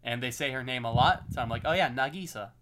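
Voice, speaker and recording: A man's voice: medium pitch, fast talker, crowd noise. A young man chatting casually with friends, rambling with many fillers. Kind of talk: casual podcast chat.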